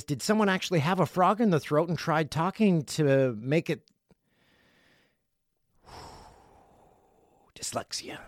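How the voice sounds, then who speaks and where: A middle-aged man hosts a casual podcast. His voice sits a little high and swings up and down with animated, jokey energy as he reads out listener mail. The sound is close and dry, with no room around it. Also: dry recording. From Canada. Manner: playful, jokey, lively delivery. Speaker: podcast host. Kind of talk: casual podcast monologue reading listener messages. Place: home studio.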